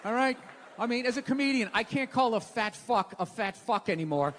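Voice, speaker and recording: Exasperated high-voiced American comedian. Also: male voice, lively intonation, fairly quick, background noise. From United States. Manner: exasperated, profane questioning rant. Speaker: stand-up comedian. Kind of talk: stand-up routine. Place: live comedy stage.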